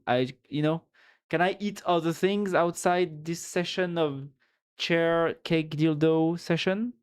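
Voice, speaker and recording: This male streamer has a French accent and a clean, somewhat high voice. Chatty and rambling, he answers his chat in a casual live session, reads comments out, and thanks followers, dropping fillers and giggling along the way.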